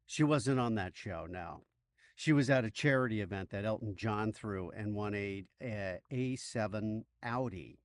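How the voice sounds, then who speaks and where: A man's voice: lowish voice, a little slow, no room sound. A middle-aged man co-hosting a podcast, chatting casually and acting out the people he quotes. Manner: animated storytelling, acts out quoted people. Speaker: podcast co-host. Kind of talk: casual chat.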